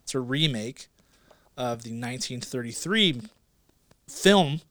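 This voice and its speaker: A man's voice: mid-range voice, expressive, slow, fairly bright tone, no room sound, studio quality. A man co-hosting a casual movie podcast, playful and teasing, laughing often. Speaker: podcast co-host.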